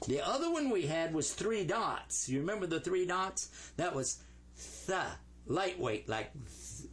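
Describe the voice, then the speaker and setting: A man teaching Arabic letters to a class, sounding out each letter slowly and playfully. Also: a little high, very animated, breathy edge.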